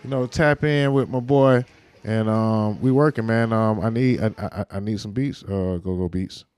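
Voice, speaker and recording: A man's voice: fairly low pitch, normal speed, darkish tone, smooth. A man hosting a casual livestream podcast, loose and rambling with lots of fillers and slang. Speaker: podcast host.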